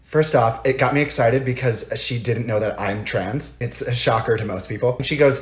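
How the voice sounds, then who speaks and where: A man with a medium-pitched voice tells a story in a wry, amused tone. His voice bounces around a roomy, echoing space. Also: normal speed, few pauses. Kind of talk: casual storytime.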